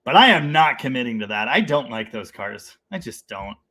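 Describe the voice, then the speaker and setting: A man's voice: medium pitch, very animated, normal speed, bright, forceful tone. A man hosting a casual live stream about cars, reading out viewer comments, laughing often and rambling with enthusiasm. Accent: Canadian.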